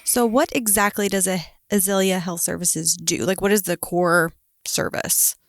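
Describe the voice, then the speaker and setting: A woman's voice: lowish voice, steady tone, moderate pace, no echo. A woman podcast host interviewing guests and responding with encouraging reactions.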